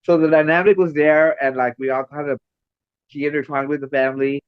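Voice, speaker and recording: A middle-aged man, a makeup artist and female illusionist, telling stories in an interview with lively acted-out quotes and frequent laughter. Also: fairly high pitch, brisk, clear, resonant tone, no room sound. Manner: animated, acts out quoted voices, laughs often. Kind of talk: storytelling interview. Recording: dry, slightly dull lo-fi recording.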